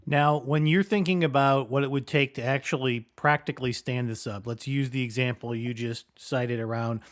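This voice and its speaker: Man asking long, measured interview questions. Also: mid-range voice, fairly even intonation, dry recording, studio quality. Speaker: podcast host.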